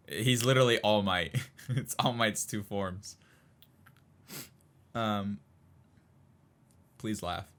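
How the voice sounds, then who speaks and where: A man's voice: fairly low pitch, very slow, long pauses, a bit bright. A man co-hosting a casual podcast chat, rambling with lots of fillers and frequent laughs. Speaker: podcast co-host.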